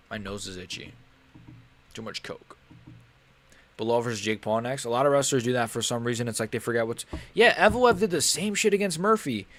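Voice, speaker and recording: A man's voice: mid-range voice, fast, hardly any pauses, slight background noise. A young man casually commentating a live fight on a stream, swearing and getting worked up, often grumbling under his breath. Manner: casual, swearing, animated and frustrated. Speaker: MMA streamer.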